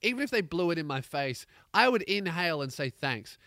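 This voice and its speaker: A man with an Australian accent, a comedian hosting a podcast, telling a profane, rambling story with animated energy. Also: on the high side, brisk, no room sound, studio quality. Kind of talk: comedic rant.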